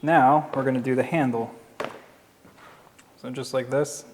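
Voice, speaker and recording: A man with a Philadelphia accent giving a relaxed, step-by-step crafting tutorial while he works. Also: mid-range voice, a little slow, big-room sound, a little hiss or hum. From Philadelphia area. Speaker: leathercraft instructor. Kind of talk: casual how-to tutorial.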